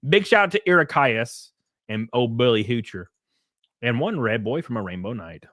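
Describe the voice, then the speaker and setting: A male streamer talks loosely and profanely to his chat, his pitch swinging up and down as he jokes. The sound is close and dry, with no room around it. He keeps a casual, teasing edge throughout. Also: expressive, a little fast, long pauses, a bit bright, no room sound. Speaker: live streamer.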